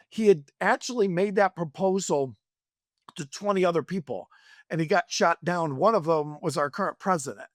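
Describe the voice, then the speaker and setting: A man's voice: high voice, normal speed, no room sound, clean studio sound. A man hosting a podcast, chatting casually and retelling a story with enthusiastic, rambling asides. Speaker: podcast host. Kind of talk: casual interview.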